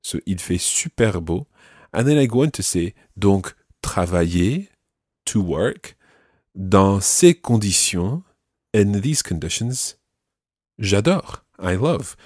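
A man with a very low voice teaches French phrases and repeats each one slowly. The sound is dry and close. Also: animated, a little mellow, no room sound. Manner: slow careful repetition of phrases. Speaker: language teacher.

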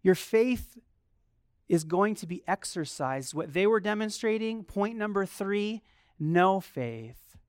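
A preacher delivering a sermon in a lively way, firing rhetorical questions at the congregation. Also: mid-range voice, slow pace, dry recording, clean studio sound. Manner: acts out quoted complaints in a softer voice.

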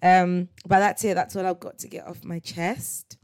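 A woman's voice: lowish voice, level tone, moderate pace, darkish tone. A young woman, chatting casually as the host of her own solo podcast. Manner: chatty, laughing, tag questions like "you get me?". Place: parents' house.

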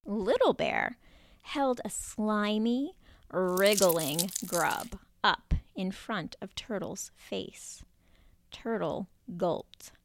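A woman narrating a children's story in a playful, expressive way, at times dropping to a whisper. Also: mid-range voice, drawn-out words.

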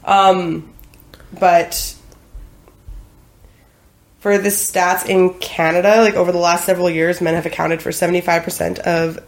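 A woman's voice: on the low side, flat delivery, normal speed, long pauses. A woman co-hosting a podcast in casual chat, sick with a cold and laughing as she explains. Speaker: podcast co-host.

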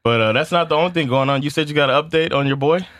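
A man's voice: on the high side, racing, fairly bright tone, no echo, clean studio sound. A man co-hosting a podcast in casual chat, a laid-back storyteller who laughs often and uses lots of filler words. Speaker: podcast co-host.

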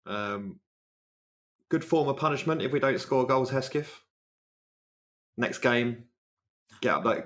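A man's voice: on the low side, a bit bright. A man hosting a podcast, chatting casually with laughter and swearing. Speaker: podcast host.

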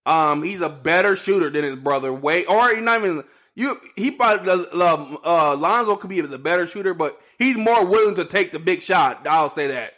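A man with a fairly high voice and hosts a casual solo sports podcast. He rambles, circles back, and repeats himself in loose, slangy, animated talk. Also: moderate pace, hardly any pauses. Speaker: podcast host.

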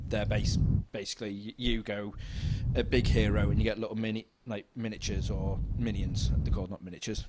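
A man's voice: on the low side, heavy background noise. A man chatting casually on a podcast, earnestly explaining a game. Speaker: podcast co-host. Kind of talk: casual chat.

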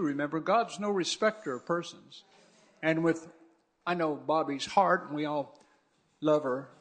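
A man preaching a sermon to his congregation as their pastor, fervent and exhorting, repeating phrases for emphasis. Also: fairly high pitch. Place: church service before a congregation.

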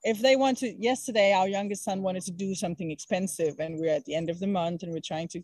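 A woman's voice: on the low side, steady tone, fast talker, a little mellow, no room sound. Earnest woman, dry close sound. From Denmark. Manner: earnest, explaining firmly, with emphatic stresses. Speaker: guest, traveling parent. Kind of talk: casual interview conversation.

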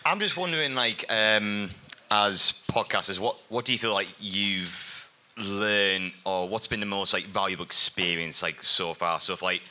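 A man's voice: lowish voice, moderate pace, bright, forceful tone, poor audio. A man in the audience of a live podcast, asking the hosts a rambling, hesitant question full of fillers. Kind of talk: casual question at a live show.

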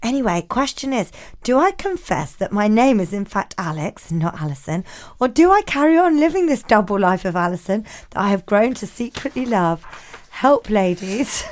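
A woman co-hosting a casual podcast, telling stories in a giggly, animated way. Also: mid-range voice, moderate pace. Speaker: podcast co-host. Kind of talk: casual chat, reading a listener letter.

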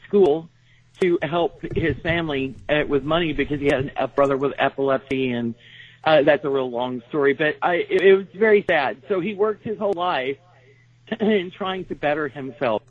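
A woman with a warm Texas drawl talks as a guest author, rambling and self-deprecating as she tells a story. Her voice comes through a tinny phone line with no room sound at all. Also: deep voice, dry recording. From Texas, USA. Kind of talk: conversational interview.

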